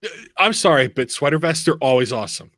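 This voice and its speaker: A bright, forceful male voice in casual podcast chat. He tells stories with animated energy and laughs easily. The sound is dry and close. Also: a little high, dry recording. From Pennsylvania. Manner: animated storyteller, quick laughs. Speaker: podcast host.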